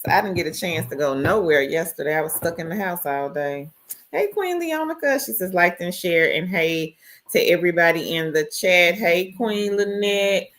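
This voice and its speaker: A woman's voice: on the low side, steady tone, moderate pace, fairly bright tone. A woman hosting a casual live stream, greeting viewers by name and reading their chat messages aloud. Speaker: livestream host.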